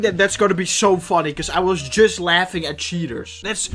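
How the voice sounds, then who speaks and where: A man's voice: a little high, normal speed, few pauses, fairly bright tone. Sarcastic young man reading posts. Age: 19, young adult. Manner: sarcastic, blunt, swears freely. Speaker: reaction commentator. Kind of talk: casual commentary reading online posts.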